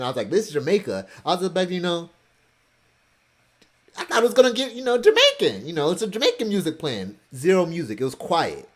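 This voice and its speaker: Man, casual rambling vlog talk, self-mocking asides, animated intonation. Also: a little high. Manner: meandering, self-joking asides. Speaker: vlogger going through his cruise photos.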